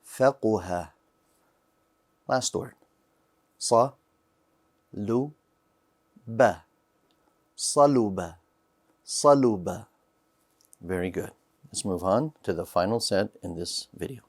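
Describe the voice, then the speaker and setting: A man teaching a beginners' language lesson at a very slow, careful pace. He sounds out each practice word three times with deliberate pronunciation. His voice is on the lower side, calm and even. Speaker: Arabic teacher.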